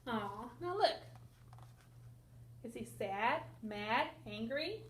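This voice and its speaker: A woman teacher reading a picture book aloud to children, expressive and asking them questions. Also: fairly high pitch, extremely slow. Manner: expressive, asks listeners questions, sound effects. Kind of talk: children's read-aloud lesson. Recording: echoey room with faint noise.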